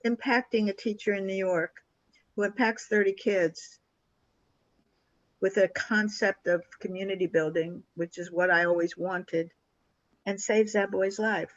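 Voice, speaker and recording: An older woman, a guest on an interview show, telling a story in a lively, animated way and acting out the people in it. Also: mid-range voice, unhurried, dry recording, lo-fi sound. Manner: animated storyteller who acts out quoted dialogue.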